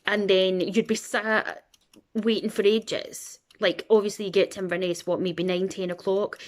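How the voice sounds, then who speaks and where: A woman's voice: medium pitch, little pitch movement, moderate pace. A Scottish woman in her thirties, rambling in a casual chat and acting out the voices of people in her stories. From Scotland. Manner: chatty and rambling, acts out quoted voices. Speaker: vlogger.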